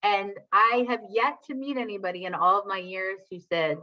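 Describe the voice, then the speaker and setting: A woman's voice: medium pitch, normal speed, highs cut off. A woman presenting a parenting workshop online, chatting with her audience, reading their comments, and often checking in with "right?". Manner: addresses audience and reads chat comments. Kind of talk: live online workshop talk.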